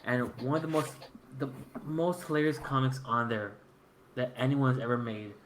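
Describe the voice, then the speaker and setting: A man's voice: medium pitch, moderate pace. A man telling a story on a live stream, tripping over words and acting out every quote. His mic sits in a roomy, echoing space. A faint hiss runs underneath. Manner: animated storytelling, stammers and acts out quotes. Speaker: stream co-host. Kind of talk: casual chat on a live stream. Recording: roomy echo, faint noise.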